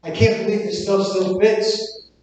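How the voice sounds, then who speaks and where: Slow-talking New York comic in his seventies. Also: sits high, level tone, a little mellow. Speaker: stand-up comic. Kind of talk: stand-up comedy set. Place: comedy show venue. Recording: echoey hall from far off, noisy crowd.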